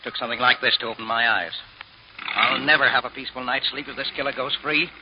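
An actor playing a determined, crusading newspaper editor who speaks earnestly and with indignant force in an old radio drama. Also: male voice, mid-range voice, fairly even intonation, fast talker, music in the background, lightly acted. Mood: resolute. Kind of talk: 1950s radio drama acting. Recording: dull lo-fi old radio broadcast, faint hiss.

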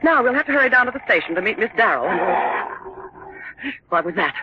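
An actress playing a brisk, impatient, no-nonsense secretary in a 1940s radio drama. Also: female voice, on the high side, sing-song. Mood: firm. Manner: impatient and firm. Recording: noisy lo-fi 1940s radio broadcast.

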